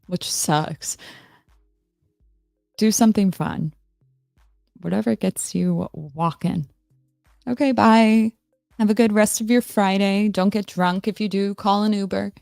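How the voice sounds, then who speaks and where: Woman, live-stream host, unhurried rambling chat, low gravelly voice, faint music behind. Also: dry recording, clean studio sound. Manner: rambling, relaxed, self-mocking, answers chat.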